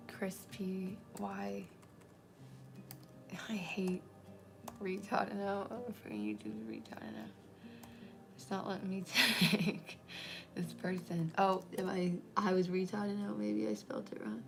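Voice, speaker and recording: A woman's voice: mid-range voice, unhurried, vocal fry, long pauses, music in the background. A woman chatting casually on a livestream as host, rambling, often dropping to a whisper and giggling.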